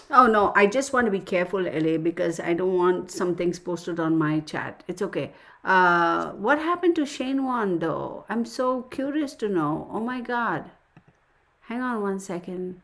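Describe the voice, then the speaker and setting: A middle-aged woman hosting a tarot livestream, chatting casually with viewers and telling stories in an excitable, chatty way. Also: lowish voice, unhurried.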